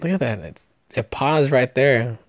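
Man, podcast host, excited jokey chatter, swears a lot, dry close sound. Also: medium pitch, a little slow, no echo. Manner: excited, jokey, profane, stumbling over words. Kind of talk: casual trailer breakdown chat.

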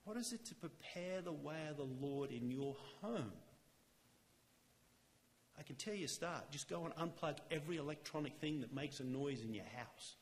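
A man giving a sermon in a church, talking earnestly and conversationally, slowing down to stress key lines. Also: a little high, animated, long reverb tail. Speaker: lay church speaker. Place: church chapel.

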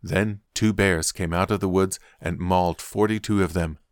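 A man with a very low, deep voice reads scripture aloud in a measured, deliberate storytelling manner. The recording is close and dry, with no room sound. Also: steady tone, no room sound. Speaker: Bible reader.

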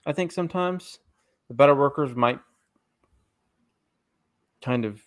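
Male podcast host, casual and rambling, mid-pitched, chewing while he talks. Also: unhurried. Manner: rambling, restarts often, swears casually; eating while talking. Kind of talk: casual wrestling podcast chat.

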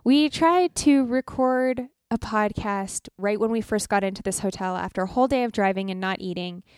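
A woman's voice: mid-range voice, moderate pace, clear, resonant tone, no room sound, clean studio sound. A young American woman co-hosting a casual travel podcast, telling stories with lots of laughter. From United States. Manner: animated storytelling, laughs often. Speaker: podcast co-host.

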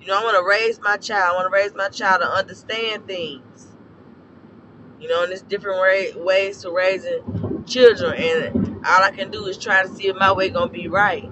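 A man with a hoarse, scorched throat, giving a blunt, profane and preachy casual rant as a podcast host. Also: high-pitched, fairly even intonation, normal speed, lo-fi sound, noisy background.

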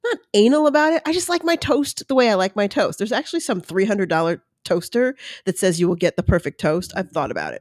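A woman's voice: mid-range voice, lively intonation, quick pace, few pauses, a little mellow, dry recording, clean studio sound. A middle-aged woman hosting a casual solo podcast, chatty and self-deprecating, acting out her own inner voice as she talks. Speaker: podcast host.

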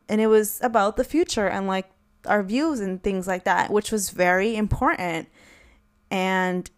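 A woman vlogger talking candidly to her viewers, rambling, swearing freely and often bursting into laughter. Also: mid-range voice. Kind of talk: casual chat to camera.

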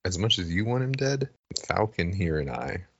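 A man's voice: low voice, sing-song, normal speed, gravelly, husky, lo-fi sound. A man playing a tabletop game, speaking brashly and profanely in character. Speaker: player. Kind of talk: tabletop role-play.

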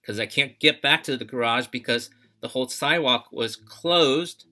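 A man telling a personal story as podcast host, reflective and halting, with many fillers and restarts. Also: mid-range voice, bright, forceful tone.

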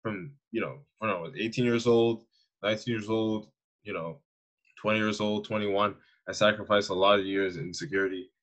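A man's voice: on the low side, moderate pace, lo-fi sound. A young man in his twenties from Canada, a fitness coach telling stories as a guest in a casual, slangy way and laughing often. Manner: slangy, animated storyteller who laughs often. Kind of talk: casual conversational interview.

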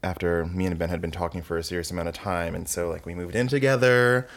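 A man with a deep voice, a guest on a podcast, chatting casually and laughing at himself. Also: steady tone, quick pace. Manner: laughs often, chatty and self-mocking. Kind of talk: casual chat.

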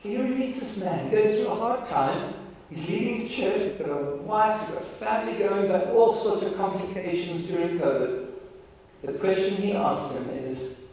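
A man preaching from the front of a large church hall, his voice bouncing around the room and caught from some distance. He is a little higher than most men and tells his stories warmly, with halting restarts and repeated words. Faint room ambience sits under him. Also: animated, a little hiss or hum. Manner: warm, emotional storytelling with halting restarts. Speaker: pastor. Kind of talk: sermon. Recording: echoey hall, voice from far off.

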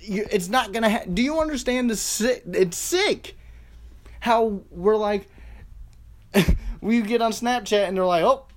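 A man's voice: high-pitched, measured pace. Profane rambling podcast man. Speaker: podcast host. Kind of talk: solo podcast rant.

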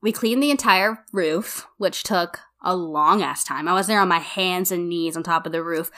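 Bright-voiced young woman telling a story. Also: fairly low pitch, moderate pace. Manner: animated storyteller, acts out quotes, says "like" a lot. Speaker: podcast co-host. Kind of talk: casual chat.

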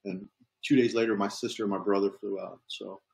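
A man's voice: fairly low pitch, steady tone, fairly quick, creaky, darkish tone, poor audio. A police officer telling a story in a casual, easygoing way, often tossing in "man". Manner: easygoing, peppers talk with "man".

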